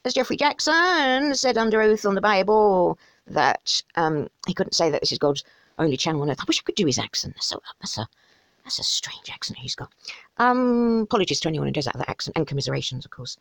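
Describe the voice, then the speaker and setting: A woman's voice: mid-range voice, expressive, brisk, gravelly, a bit bright, no room sound. A woman giving casual, sarcastic commentary on an article she reads along with, with wry asides. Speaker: host commenting on a study article.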